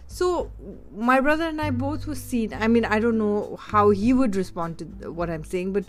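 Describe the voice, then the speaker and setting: A woman from Delhi shares personal stories in a candid, reflective way, often pausing to search for her words. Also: mid-range voice. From India (Delhi). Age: adult. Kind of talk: personal storytelling monologue.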